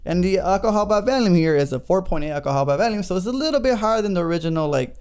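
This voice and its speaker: A man's voice: sits high, animated, racing, darkish tone, clear, resonant tone. Upbeat man hosting a beer review. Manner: reads label text aloud with stumbles and asides. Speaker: podcast host. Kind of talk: casual beer review chat.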